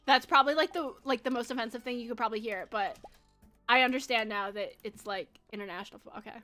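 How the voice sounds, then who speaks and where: A woman's voice: on the high side, fast, pushed and bright, soft background music. A young American woman streaming a game, chatting with viewers in a bubbly way and giggling often. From United States. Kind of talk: casual live-stream chat while gaming.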